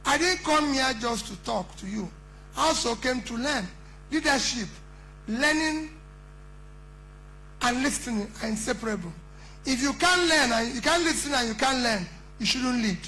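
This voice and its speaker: A man's voice: extremely high pitch, lively intonation, moderate pace, long pauses, pushed and bright, a little hiss or hum, poor audio. A middle-aged man with a Nigerian accent, giving an impassioned campaign speech at a conference, emphatic and full of rhetorical questions. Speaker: politician addressing a conference.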